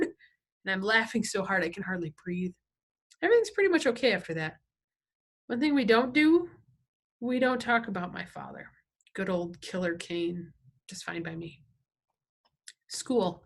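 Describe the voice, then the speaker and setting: A woman's voice: medium pitch, very animated, unhurried, creaky, long pauses. A woman teacher at home reading a novel aloud, with casual asides that check in with her listeners.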